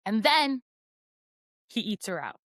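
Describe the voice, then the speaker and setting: Woman, bright clear voice, dry close sound, casual book recap, lots of "like", playful. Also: mid-range voice, sing-song, takes it slowly, no room sound. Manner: chatty, heavy use of "like" as filler; playful, teasing about spicy scenes. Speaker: book podcast co-host.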